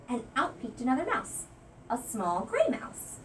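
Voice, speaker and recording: A young woman teacher reading a children's picture book aloud, dramatic and hushed at tense moments. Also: high-pitched, unhurried, slight background noise. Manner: expressive, dramatic storyteller, hushed at suspense. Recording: voice from a distance from the mic.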